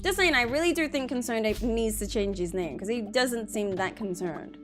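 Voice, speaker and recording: A woman's voice: fairly high pitch, normal speed, faint music behind. A woman streamer giving rambling, exasperated, jokey gameplay commentary.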